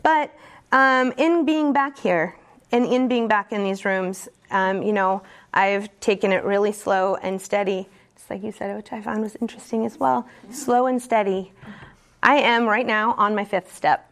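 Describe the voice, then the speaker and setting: A woman telling her own recovery story at a support meeting, candid and earnest, halting often with fillers and restarts. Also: mid-range voice, fairly bright tone. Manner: earnest and emotionally open. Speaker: speaker sharing at a recovery meeting. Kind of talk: personal recovery testimony.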